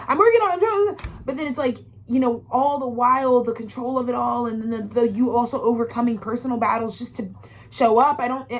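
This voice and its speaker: A woman's voice: fairly high pitch, a little hiss or hum. A woman in her twenties giving a heartfelt, rambling astrology reading, full of swearing, restarts and personal stories. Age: 20s. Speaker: astrology tarot reader. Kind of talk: emotional monologue reading.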